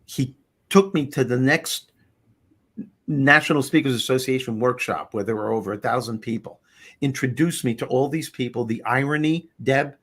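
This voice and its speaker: A middle-aged man, hosting a talk show and telling a personal story in an animated, conversational way. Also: mid-range voice, moderate pace, slightly rough. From Long Island, New York. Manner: animated, conversational, repeats words. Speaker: host.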